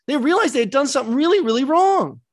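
Animated male Bible study teacher. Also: very high-pitched, quick pace. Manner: emphatic, rhetorical questions, repeats key words.

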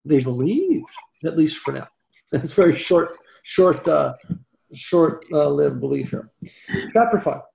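A man leads a verse-by-verse Bible lesson in an animated, conversational way, often breaking off into asides and correcting himself. His voice sits high with a gravelly fry. The sound is roomy and echoey on a dull, lo-fi recording. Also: takes it slowly, pauses often. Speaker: Bible teacher.

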